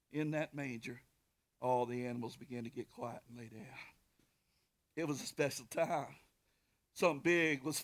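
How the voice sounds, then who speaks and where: A man preaching a sermon, telling a story with animated swings from shouting to whispering and calling out to the congregation. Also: mid-range voice. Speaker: pastor.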